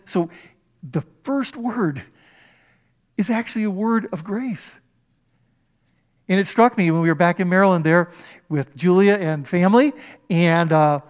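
An older male pastor delivers a sermon in a notably high voice. He talks in a loose, conversational way, often breaking into little acted-out exchanges with his voice rising and dropping. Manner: animated, acts out dialogue with rising and dropping voice.

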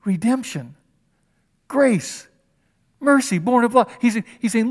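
An older male pastor delivers a sermon in a notably high voice. He talks in a loose, conversational way, often breaking into little acted-out exchanges with his voice rising and dropping. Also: takes it slowly, pauses often. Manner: animated, acts out dialogue with rising and dropping voice.

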